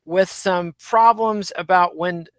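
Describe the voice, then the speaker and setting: A man co-hosting a podcast. He talks in a measured, wry, analytical way. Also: sits high, steady tone, fairly bright tone, smooth, dry recording. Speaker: podcast co-host. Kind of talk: casual chat.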